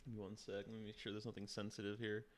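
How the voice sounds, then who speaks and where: A man's voice: on the low side, little pitch movement, fast talker. A man streaming a casual chat with an AI chatbot, swearing and laughing, and turning aside to talk to his viewers.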